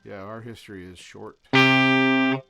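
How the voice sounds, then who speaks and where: A man chatting casually with his viewers during a late-night live stream, rambling and halting, with many fillers and restarts. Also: lowish voice, fairly even intonation. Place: his home in the lower Pacific Northwest. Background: his own guitar playing in some parts.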